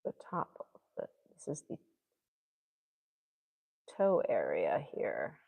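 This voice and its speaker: A woman talks herself through a painting in slow, unhurried murmurs, her low-set voice rising and falling in lively swoops. She muses in quiet asides, as if alone at the easel, and a long reverb trails behind her words. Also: gravelly, phone-quality sound. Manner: musing, self-talking, murmuring asides. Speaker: art vlogger. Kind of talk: thinking aloud while painting.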